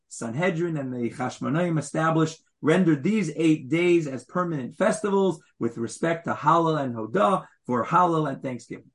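Man teaching a Torah class. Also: fairly high pitch. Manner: questions the listeners and explains Hebrew wording.

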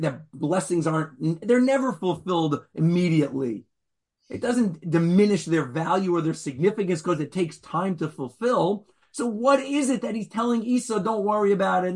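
Animated, husky, high-voiced man lecturing. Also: moderate pace. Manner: animated, acts out the figures with sudden jumps in pitch and loudness; conversational, jokes with the audience. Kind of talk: Torah lecture.

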